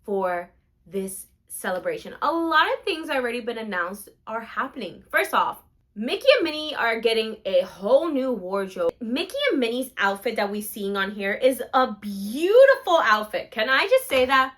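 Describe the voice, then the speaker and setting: A woman's voice: fairly high pitch, animated, moderate pace, fairly bright tone. A young woman vlogging about theme parks, gushing and emotional as she talks. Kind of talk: excited theme park vlog chat.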